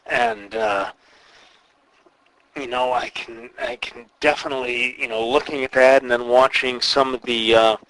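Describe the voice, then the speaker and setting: A man's voice: mid-range voice, steady tone, unhurried, background noise. A man hosting a wrestling podcast, talking casually in a rambling, opinionated way with lots of fillers. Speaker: podcast host, wrestling promoter.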